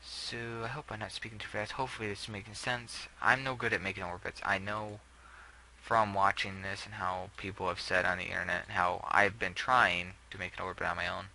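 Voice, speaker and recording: A man's voice: deep voice, flat delivery, fairly quick, sharp tone, slight background noise, poor audio. A young man giving casual, rambling gameplay commentary, often trailing off and putting himself down. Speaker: gameplay video host.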